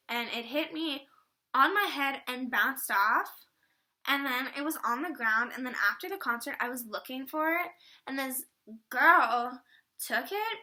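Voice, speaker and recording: A woman's voice: sits high, bright, forceful tone. A teenage girl vlogging in a casual, rambling way with lots of fillers, from the Atlanta area. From Atlanta area, US Southern. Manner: bubbly, rambling with many fillers. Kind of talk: casual chat.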